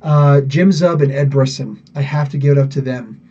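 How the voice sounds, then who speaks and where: A man's voice: medium pitch, moderate pace, dark tone, far from the mic, muffled recording, a little hiss or hum. A man hosting a live podcast, chatting loosely, laughing often and using many fillers. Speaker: podcast host answering live chat. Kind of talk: casual live-stream chat.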